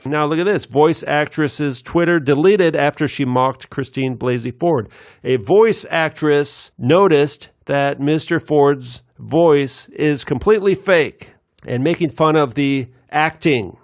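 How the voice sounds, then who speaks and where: A man giving rambling commentary over video clips, meandering with many filler pauses. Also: on the high side, no room sound, clean studio sound.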